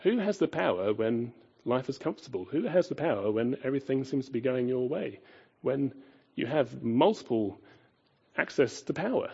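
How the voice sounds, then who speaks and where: A man preaching a sermon, emphatic, asking rhetorical questions and swinging between loud and quiet. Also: medium pitch, animated, moderate pace, gravelly, slightly rough, muffled recording.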